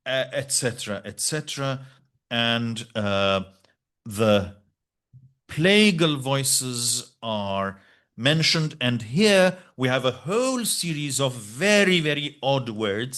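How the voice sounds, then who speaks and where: A man giving an academic conference lecture in a measured, scholarly way, pausing with fillers and restarts. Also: medium pitch, a bit bright. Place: lecture hall.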